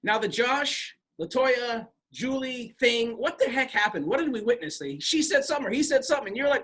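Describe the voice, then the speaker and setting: A man hosting a radio interview, asking his guest questions with eager fan excitement. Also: very high-pitched, fairly quick, few pauses. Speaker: radio host.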